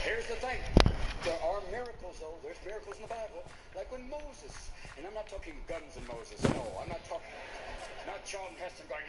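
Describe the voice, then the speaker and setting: Very high-voiced man doing stand-up. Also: fairly quick. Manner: animated, slips into many mock voices. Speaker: stand-up comedian. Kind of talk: stand-up comedy routine. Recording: echoey venue with loud background noise.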